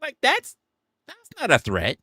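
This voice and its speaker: A man voicing a stern Southern mother who scolds her boy in slow, drawn-out threats. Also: sits high, wildly swooping pitch, pushed and bright, slightly rough, no echo, studio quality, pitched above the performer's own voice, exaggerated voice. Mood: scolding.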